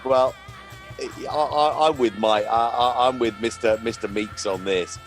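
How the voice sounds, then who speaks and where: A man's voice: mid-range voice, measured pace, faint music behind. A man co-hosting a podcast in casual chat, laughing often and stumbling over his words with lots of restarts. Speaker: podcast co-host.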